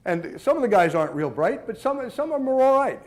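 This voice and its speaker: Man, middle-aged, high-pitched, tennis coach, emphatic, rhetorical questions, repeats words. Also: very animated, fairly quick. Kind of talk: instructional talk on mental game.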